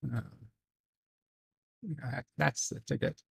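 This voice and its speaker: Slow, gravelly man reading viewer letters. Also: mid-range voice, steady tone. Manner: slow, halting, with frequent restarts and muttered asides. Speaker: host reading viewer messages. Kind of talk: casual solo livestream chat.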